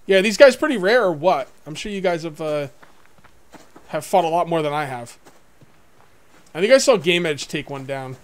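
A young man giving casual gameplay commentary to viewers, excitable, swinging from muttering to whooping. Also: fairly high pitch, normal speed, long pauses. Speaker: let's play gamer.

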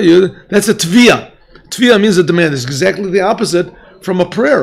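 A rabbi teaching a class, asking questions, mixing in Hebrew phrases and often clearing his throat. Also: high-pitched, animated, fairly quick. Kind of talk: yeshiva class lecture. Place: yeshiva classroom.

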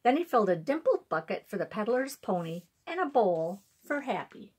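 Woman, children's story read-aloud, breathy voice, lively pitch. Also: moderate pace.

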